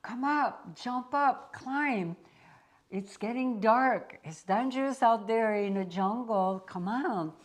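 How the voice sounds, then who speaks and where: A woman voicing a rescuer who shouts urgent commands from a helicopter. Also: fairly high pitch, slow pace, voice pushed up.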